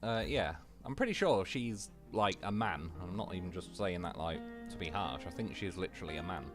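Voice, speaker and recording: A man's voice: low-pitched, lively intonation, a little fast, over music. A young man livestreaming a game, chatting casually and rambling through anecdotes, swearing freely. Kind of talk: casual chat while gaming.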